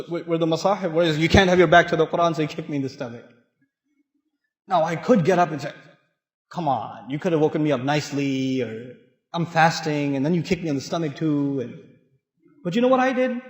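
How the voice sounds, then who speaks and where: A man delivering a sermon with animated storytelling, swinging between loud and hushed. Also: sits high. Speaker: Islamic speaker. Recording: echoey hall with long reverb.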